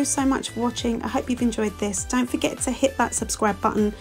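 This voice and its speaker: A woman's voice: a little high, fairly even intonation, a little fast, a little mellow. Chatty London woman in her forties. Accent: London English. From England. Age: 40s. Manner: chatty, self-deprecating and gushing. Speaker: beauty vlogger. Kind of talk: makeup tutorial voice-over. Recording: faint music underneath.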